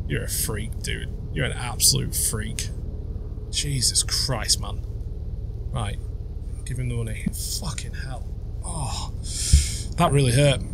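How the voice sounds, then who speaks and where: A man's voice: mid-range voice, takes it slowly, gravelly, pauses often. Young man, horror let's-play host, jumpy and sweary, faint hiss behind. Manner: jumpy, swearing, muttering reactions. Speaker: gaming YouTuber.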